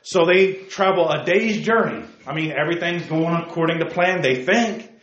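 A man with a somewhat high voice preaches to young people, firing rhetorical questions and calling listeners by name. He swings between loud exclamations and hushed asides. The recording is dull and roomy, with echo off the walls. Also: moderate pace. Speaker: youth preacher. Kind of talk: sermon.

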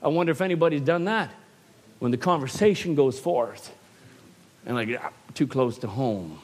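A man preaching a sermon in church, animated and often asking for an "Amen". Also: medium pitch, moderate pace.

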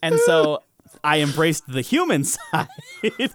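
A man's voice: on the high side, huge pitch swings, slow pace, background noise. A young man hosting a podcast, telling a story in a loose, casual way, swearing freely and often laughing. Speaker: podcast host.

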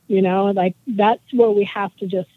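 A woman's voice: mid-range voice, fairly even intonation, moderate pace, no room sound. Earnest woman in her forties on a tinny line. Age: 40s. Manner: earnest, heartfelt, rambling. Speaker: guest. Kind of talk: casual interview chat. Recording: dry tinny phone-like line.

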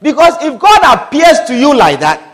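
A man preaches a sermon with passion, his very high, fairly bright voice extremely animated at a normal pace. He repeats phrases again and again and calls out hallelujah and amen.

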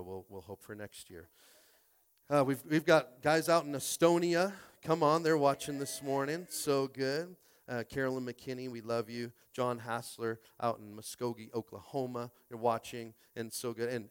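A man's voice: mid-range voice, clear, resonant tone. A man preaching a Sunday sermon as pastor, stumbling over repeated words and rallying his listeners.

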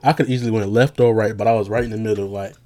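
A man's voice: on the low side, steady tone, very fast, dark tone. A young man rambling casually as a podcast host, loose and slangy with lots of fillers and jokes.

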